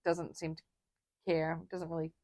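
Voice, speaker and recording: A woman's voice: low-pitched, little pitch movement, unhurried, a little mellow, no echo, clean studio sound. A woman co-hosting a podcast, chatting casually and enthusiastically about a film and acting out its scenes. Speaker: podcast co-host.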